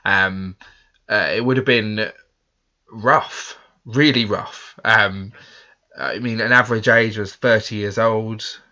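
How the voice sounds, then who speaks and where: A man from England hosts a casual podcast chat with a bright, lively tone. He talks in loose, self-deprecating asides and fills gaps with ums and restarts. The sound is dull and lo-fi. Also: lowish voice, takes it slowly. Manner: chatty, self-deprecating, many fillers. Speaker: podcast host.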